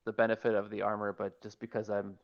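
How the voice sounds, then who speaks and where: Brief: player, man with a smooth, low-ish voice, laid-back, dull lo-fi mic. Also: completely flat delivery, quick pace. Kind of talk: casual tabletop game chat.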